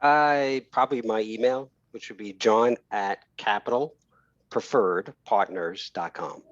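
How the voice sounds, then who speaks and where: A man's voice: lowish voice, unhurried, dry recording, lo-fi sound. A man with a New York accent, a guest in a casual interview, blunt and wry. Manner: blunt, wry, self-deprecating. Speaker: guest, real estate financier.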